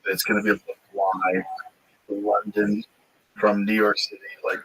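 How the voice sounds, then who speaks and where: A man's voice: lowish voice, monotone, normal speed, a bit bright, husky, dry recording, rough recording. A man in casual chat, talking in a laid-back way and swearing now and then.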